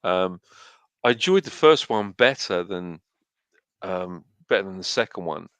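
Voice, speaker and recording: A man chatting casually on a podcast, hesitant and filling pauses with ums. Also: sits low, animated, a bit bright, clear, resonant tone, no room sound. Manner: hesitant, many fillers. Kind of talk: casual chat.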